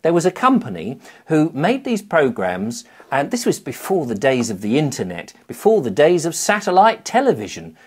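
Lively, husky man. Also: on the high side, moderate pace, few pauses. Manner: animated, rambling storyteller. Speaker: children's author. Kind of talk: casual talk to camera.

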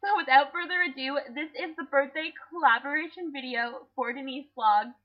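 A woman's voice: sits high, normal speed, highs cut off. A woman opening a birthday collaboration video with a jokey, nervous intro.

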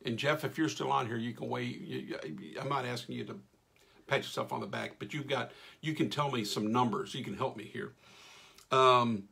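Gravelly man hosting a live stream. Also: mid-range voice, normal speed. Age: middle-aged. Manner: folksy, enthusiastic, shout-outs to viewers. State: losing his voice. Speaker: radio host reading live comments. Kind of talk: casual live-stream chat.

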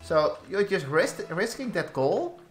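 Slow-talking man commentating gameplay. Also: high-pitched, big pitch swings, echoey room, faint music behind. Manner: slow, halting commentary with frequent restarts, exasperated at teammates. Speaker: gaming YouTuber.

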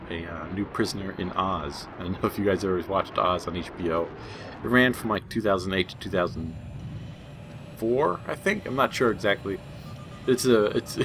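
Young guy, low voice, chatty gaming host who wanders off topic and chuckles at his own jokes. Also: fairly bright tone, a little hiss or hum. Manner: rambling and jokey, laughs at his own asides. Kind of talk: casual gameplay commentary.

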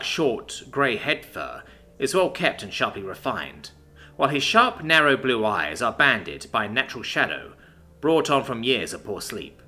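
A man narrating a science fiction story in an expressive, scripted reading. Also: medium pitch.

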